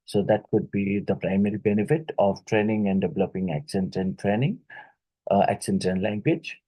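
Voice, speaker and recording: A man with an Indian English accent teaching exam questions, repeating key words and filling pauses. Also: on the low side, mellow, no echo, poor audio. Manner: slow, repeats key words, many fillers. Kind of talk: exam question-and-answer lecture.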